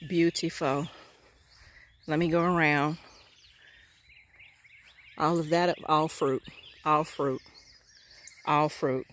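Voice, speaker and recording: A woman's voice: deep voice, fairly even intonation, slow, long pauses, fairly bright tone, a little hiss or hum. A woman, chatting enthusiastically to a handheld phone camera outdoors on a farm. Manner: enthusiastic, chatty, keeps saying y'all. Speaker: homestead vlogger. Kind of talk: casual vlog talk to camera. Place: outdoors on a rural hillside farm.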